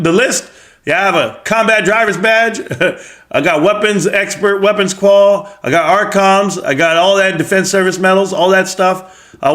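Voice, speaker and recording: A man's voice: fairly high pitch, fairly bright tone. A middle-aged man hosting a live stream, chatting casually with brash, joking, profane banter as he answers his chat. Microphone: streaming microphone.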